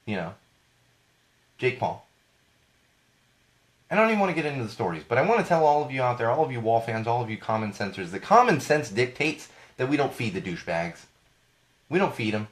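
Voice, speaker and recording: A man hosts a casual live podcast, his voice hoarse and fading. He rambles, corrects himself and turns indignant, with a pitch that jumps around a lot. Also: very animated, brisk, long pauses. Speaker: podcast host.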